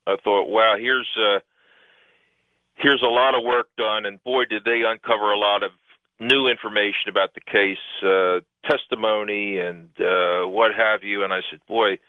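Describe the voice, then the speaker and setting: A man's voice: on the low side, fairly even intonation, normal speed, no echo. A man, a guest researcher, talks at length in a radio interview, rambling and emphatic with many fillers. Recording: tinny phone line, dry.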